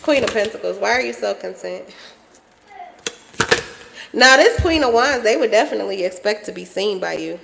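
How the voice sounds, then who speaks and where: A woman's voice: mid-range voice, animated, normal speed, creaky, long pauses, big-room sound, background noise. A woman giving a casual collective tarot reading, chatty and playful, laughing often and swearing freely. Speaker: tarot reader.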